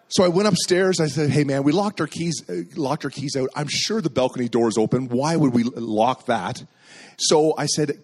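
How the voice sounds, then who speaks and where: Middle-aged man, pastor; animated sermon storyteller, slightly high voice. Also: breathy edge. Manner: animated storyteller acting out dialogue.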